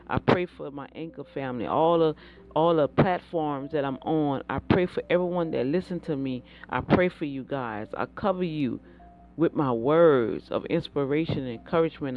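A woman giving a fervent, preacherly faith talk, repeating words and breaking into bursts of excitement. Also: sits low. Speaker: inspirational speaker.

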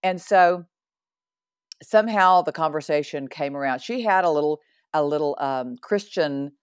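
Woman in her 60s, low pitch, dry recording. Podcast guest giving a lively, earnest testimony. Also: moderate pace, clear, resonant tone, dry recording. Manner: animated and earnest, with laughs and asides. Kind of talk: personal faith testimony.

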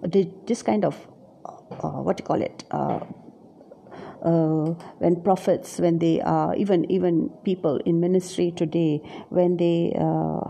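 A woman's voice: on the low side, vocal fry, mellow. A woman preaching a reflective sermon on scripture, musing aloud and often searching for her words.

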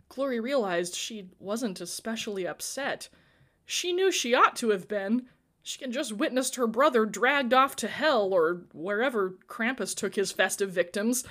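A woman telling a story with an expressive, dramatic reading. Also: a little high, a little slow. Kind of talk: storytelling narration.

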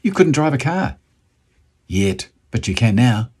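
A man's voice: mid-range voice, big pitch swings, unhurried, darkish tone, slightly rough. A man from New Zealand with a New Zealand accent, hosting a motivational video and talking enthusiastically to camera, at times bantering with himself.

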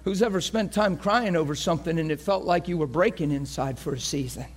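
High-voiced guy preaching hard, goes loud then hushed, acts out the crowd. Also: a little fast. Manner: swings from shouting fervor to hushed earnest appeals. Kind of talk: impassioned sermon.

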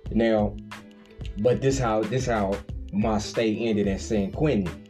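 A man, casually telling a story on a podcast. His voice is warm and mellow, and he keeps slipping into high, playful impressions of other people. Faint music plays underneath. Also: slow pace. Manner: animated storyteller, acts out quoted voices with big pitch jumps, laughs often, slangy.

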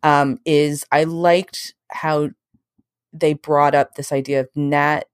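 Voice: medium pitch, slow, smooth, no echo, clean studio sound. A person casually discussing a film, rambling with many fillers. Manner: rambling, filler-heavy, lively. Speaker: film reviewer. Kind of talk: casual film review chat.

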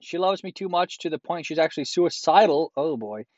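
A man's voice: fairly high pitch, expressive, fairly quick, a little mellow, no echo, muffled recording. A man reads a listener's letter aloud and breaks in with crude, profane, sarcastic comments. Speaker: host reading a listener's letter.

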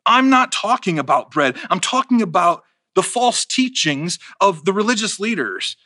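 Firm reassuring teacher, as a preacher quotes him. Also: male voice, sits high, big pitch swings, moderate pace, bright, forceful tone, dry recording, studio quality, exaggerated voice. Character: calm authoritative male teacher.

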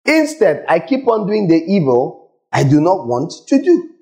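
A man's voice: sits high, huge pitch swings, unhurried, darkish tone, poor audio. A man preaching a sermon, emphatic and scolding, questioning his congregation directly and repeating his points. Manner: emphatic, repetitive, asks the audience questions.

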